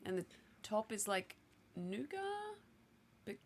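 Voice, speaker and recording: A woman's voice: medium pitch, lively intonation, takes it slowly, slight background noise. A woman co-hosting a casual stream, chatting about snacks and teasing her partner. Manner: chatty, laughs often, teasing. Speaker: co-host. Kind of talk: casual snack-tasting chat.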